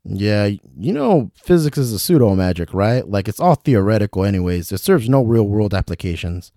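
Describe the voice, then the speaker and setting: A man voicing a laid-back young male elf who talks in a slow, hesitant drawl. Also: deep voice, mellow, no echo, studio quality, natural voice.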